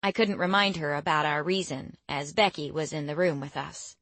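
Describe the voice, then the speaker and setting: A woman reading an audiobook in steady, measured first-person narration. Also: low-pitched, no echo.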